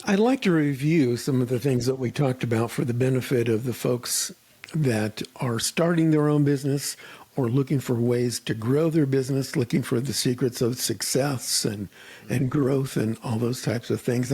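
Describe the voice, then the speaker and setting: A man's voice: mid-range voice, moderate pace, darkish tone, husky. A man hosting a radio interview show, chatting casually and acting out joking bits of dialogue.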